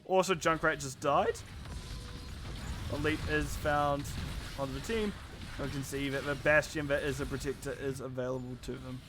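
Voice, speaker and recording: A man's voice: mid-range voice, fairly even intonation, moderate pace, music in the background. Tired man casting a live esports match. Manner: tired, rambling play-by-play with self-aware asides. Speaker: esports caster.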